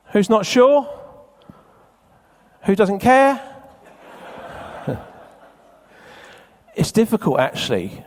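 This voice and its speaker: A man speaking live to an audience at a seminar, chatty and teasing, quizzing the crowd. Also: high-pitched. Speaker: event speaker. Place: conference hall with a live audience. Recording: long reverb of a large hall.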